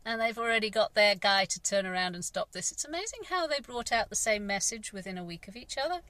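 A woman's voice: medium pitch, animated, quick pace, sharp tone, poor audio. An English woman, a gardener, talking candidly in a rambling vlog monologue, sighing and frustrated. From England. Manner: rambling, candid, frustrated, frequent sighs and fillers.

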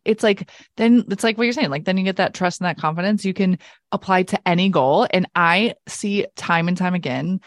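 A woman's voice: fairly low pitch, fairly quick, dry recording, studio quality. A woman co-hosting a podcast in casual chat, telling stories and acting out quotes. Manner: chatty, acts out quotes. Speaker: podcast co-host.

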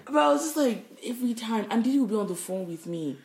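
A woman's voice: fairly high pitch, lively intonation, fast, a little mellow, roomy sound. A young woman co-hosting a podcast in casual chat, teasing and blunt, swearing freely. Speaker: podcast co-host.

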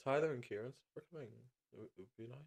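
A man's voice: mid-range voice, rapid-fire. A young man co-hosting a casual podcast, playful and camp, laughing often. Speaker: podcast co-host. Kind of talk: casual chat. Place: indoor room with co-host.

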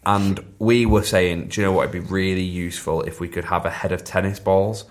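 A man co-hosting a comedy podcast, deadpan and slow to land his jokes in casual chat. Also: low-pitched. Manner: deadpan, drawn-out delivery. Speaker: podcast co-host.

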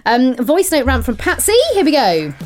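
A woman's voice: high voice, sing-song, moderate pace, over music. A woman co-hosting a podcast, chatting casually and agreeing readily with her co-host. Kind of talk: casual chat.

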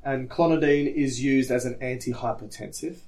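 Speaking at a moderate pace in a mid-range, slightly mellow voice, this podcast co-host walks through educational topics step by step, pausing to make sure his partner understands.

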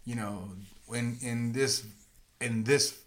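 A man's voice: mid-range voice, fairly even intonation, takes it slowly, fairly bright tone. A man co-hosting a podcast in casual chat, chiming in with jokes and quips. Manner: joking, chimes in with quips. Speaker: podcast co-host.

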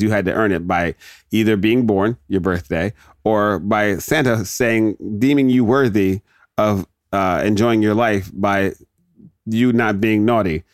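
A man's voice: lowish voice, no echo, studio quality. A man in his thirties hosting a podcast, ranting casually and jokily, often interrupting himself. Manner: rambling, jokey, self-interrupting. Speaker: podcast host. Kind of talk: casual solo rant.

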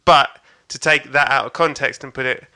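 Animated man telling a story. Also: mid-range voice, moderate pace, smooth. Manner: animated storyteller, laughs often, acts out voices. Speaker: stand-up comedian guest. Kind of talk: casual chat, telling a story.

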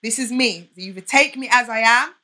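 A bright, fairly high-voiced young woman speaks as a podcast guest. She talks in an open, heartfelt and emphatic way. She gives candid answers in conversation. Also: fairly quick.

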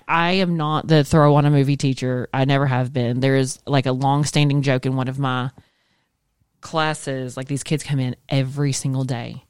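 A woman's voice: a bass voice, a little mellow, clear, resonant tone, no echo, clean studio sound. A woman in her forties, a schoolteacher co-hosting a casual chat show, chatty and laughing, swearing casually. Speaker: co-host, schoolteacher.

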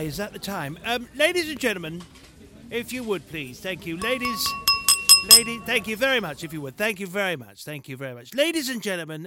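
A man's voice: sits high, sharp tone. A man co-hosting an improvised comedy podcast sketch, playing a theatrical, flustered restaurant host. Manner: theatrical, flustered maître d' act.

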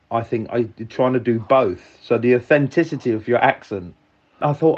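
A man's voice: medium pitch, a little mellow, muffled recording. A man with a Cockney accent leaving a rambling, earnest voice message for a podcast. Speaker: caller leaving a voice note. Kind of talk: casual voice message.

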